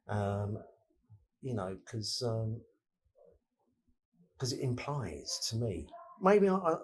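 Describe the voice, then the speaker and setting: A man's voice: medium pitch, husky. A man giving his opinion in an earnest, slightly hesitant way. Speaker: interviewee. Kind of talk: conversational opinion.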